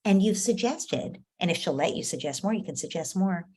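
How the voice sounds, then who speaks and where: A middle-aged woman coaching a parent, gentle and patient, often acting out the child's and parent's lines herself. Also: lowish voice, expressive, fairly quick, few pauses, husky.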